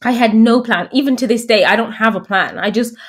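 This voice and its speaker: A woman's voice: on the high side, brisk. A woman in her thirties from England, a guest telling stories in casual chat and acting out the voices of the people she quotes. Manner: animated storyteller, acts out quoted voices.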